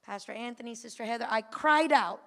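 A woman giving a personal testimony to a church congregation, moving from a quiet retelling to fervent calls. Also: a little high, a little fast, vocal fry. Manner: builds from quiet storytelling to fervent shouting. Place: church sanctuary. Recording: long church hall reverb.

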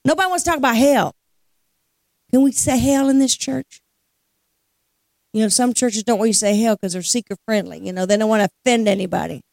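A woman's voice: a little high, brisk, creaky, long pauses, a little mellow, no echo, studio quality. A woman leading worship at a church service, telling a testimony as a storyteller with a preacher's cadence and laughing as she talks. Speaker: guest worship leader. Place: church sanctuary.

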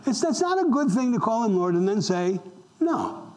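An older man preaching a sermon to his church, his voice sitting high for a man. He talks in a loose, conversational way and keeps asking the congregation questions as he goes. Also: big pitch swings, normal speed, low-quality recording. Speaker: pastor.

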